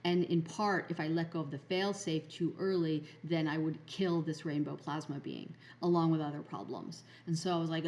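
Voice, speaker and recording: A woman's voice: low-pitched, a little fast, few pauses, a little mellow. A woman hosting a podcast, telling a spiritual story in a rambling way, full of fillers and restarts. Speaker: podcast host.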